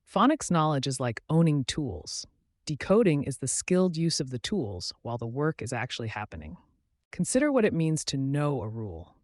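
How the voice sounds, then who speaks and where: Guy reading a teaching book, slightly high voice, careful steady phrasing, dry close sound. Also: no echo. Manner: measured, deliberate delivery in short phrases. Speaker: audiobook reader. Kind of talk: scripted instructional narration.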